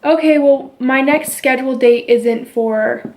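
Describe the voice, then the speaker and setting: A woman's voice: sits high, unhurried, darkish tone. A young woman vlogging at home, chatting casually as she retells a story and quotes the people in it. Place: at home with her baby.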